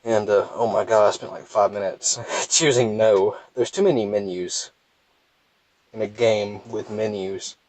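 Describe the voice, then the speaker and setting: A man's voice: on the low side, fairly even intonation, unhurried, a little mellow, rough recording. Young man with a thick Southern accent. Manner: rambling, self-deprecating, many restarts. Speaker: gameplay commentator. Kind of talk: casual let's play commentary.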